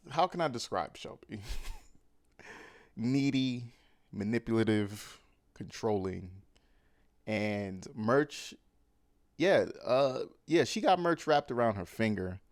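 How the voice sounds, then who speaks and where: A man recapping a film in casual, animated, slangy talk, full of fillers. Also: medium pitch, takes it slowly, pauses often, no echo, clean studio sound. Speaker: movie recap host.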